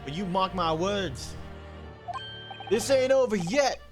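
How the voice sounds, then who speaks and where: A man's voice: high voice, expressive, slow pace, over music, pitched above the performer's own voice. A man voicing a short-tempered older male local, blustering and indignant.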